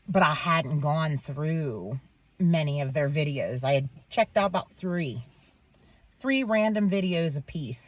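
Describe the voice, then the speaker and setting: A woman's voice: low voice, no echo, highs cut off. Rambling, foul-mouthed woman vlogger. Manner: rambling, swears a lot, many "um"s and "like"s. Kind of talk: casual monologue to camera.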